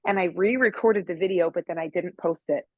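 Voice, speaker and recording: Hesitant low-voiced woman asking a question. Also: brisk, no room sound, muffled recording. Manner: hesitant, many ums and self-doubt. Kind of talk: hesitant group-call question.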